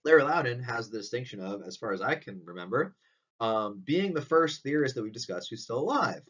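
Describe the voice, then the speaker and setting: A man's voice: medium pitch, big pitch swings, fairly quick, fairly bright tone, breathy edge. A man giving a recorded philosophy lecture, explaining step by step and often checking in with "right?". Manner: explanatory, frequent "right?" tag questions. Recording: dull distant lo-fi audio.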